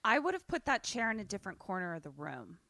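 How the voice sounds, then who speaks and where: A woman's voice: mid-range voice, sing-song, fast talker, gravelly, sharp tone, no room sound. A young woman co-hosting a podcast, joking brashly in casual chat. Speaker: podcast co-host.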